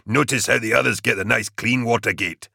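A man's voice: medium pitch, steady tone, a little fast, creaky, pushed and bright, dry recording, clean studio sound, pitched above the performer's own voice, heavily acted. A man voicing a sour, one-eyed male soldier in his fifties who snaps sarcastically. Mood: snappish sarcastic. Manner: snappish, sarcastic.

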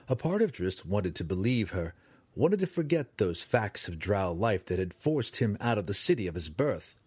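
A man narrating a fantasy audiobook in a dramatic, expressive reading style, close to the mic. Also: lowish voice, moderate pace, breathy edge, dry recording.

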